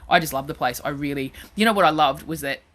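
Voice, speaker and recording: An Australian woman, a comedian, chatting in an interview and telling lively stories that she acts out. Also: sits low, fast. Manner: animated storyteller, acts out quoted voices. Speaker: comedian guest. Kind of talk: casual interview chat.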